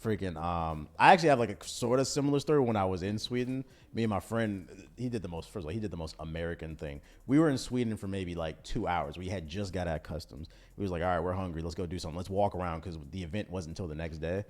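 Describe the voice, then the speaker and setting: A man from Washington, D.C. co-hosting a live show, talking quickly in a slightly low voice. He tells stories in a loose, animated way, full of slang and asides to the chat. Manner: fast, animated storytelling with slang. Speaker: co-host. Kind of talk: casual chat.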